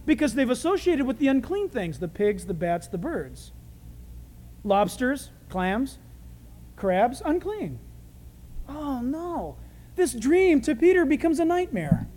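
Animated preacher with lively pitch. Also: male voice, unhurried, in a large hall. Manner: animated, conversational, humorous. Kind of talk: sermon.

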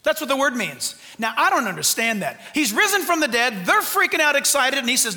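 Fervent high-voiced pastor preaching. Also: male voice, sing-song, a little fast, few pauses, big-room sound. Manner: exuberant, loud and fervent, jokes with the congregation. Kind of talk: sermon. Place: church sanctuary.

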